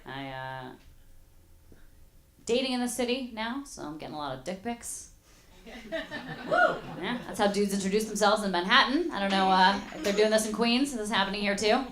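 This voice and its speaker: A young woman does a stand-up set in a club, chatty and playful as she works the crowd. Her voice is medium-pitched and a bit bright, at normal speed with long pauses. The sound is roomy, with the audience laughing.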